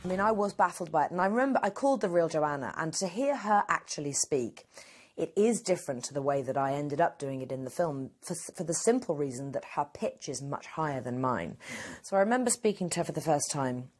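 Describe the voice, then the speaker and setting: A woman in her forties chatting candidly in an interview. Her voice sits low, and she answers openly, laughing easily between thoughts. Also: animated, fairly quick. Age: 40s. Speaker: actress interview guest. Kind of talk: casual interview.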